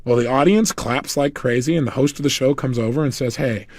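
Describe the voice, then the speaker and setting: With a medium-pitched voice and a fairly quick pace, a man delivers a motivational audio talk, telling an animated story and acting out the people in it. There's no room sound, and the quality is studio grade.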